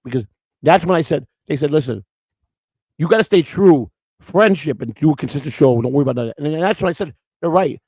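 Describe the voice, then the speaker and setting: A man's voice: on the high side, vocal fry, no echo. A man hosting a live-streamed show, talking in a rambling, emotional way, repeating words and getting choked up. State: emotional, near tears. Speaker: show host.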